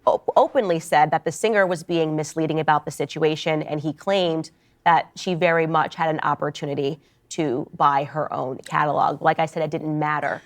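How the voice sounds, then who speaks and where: A woman's voice: low voice, steady tone, moderate pace. Assertive woman giving pointed commentary. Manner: assertive, lecturing, storytelling. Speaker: political commentator. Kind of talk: opinionated commentary.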